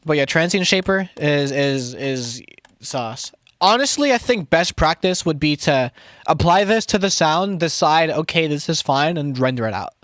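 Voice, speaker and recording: Clean studio sound with no room echo carries a young man's slightly high, expressive, somewhat bright voice at a normal pace. Producing music live, he chats casually with his stream in a rambling, profane, self-mocking way, often restarting sentences.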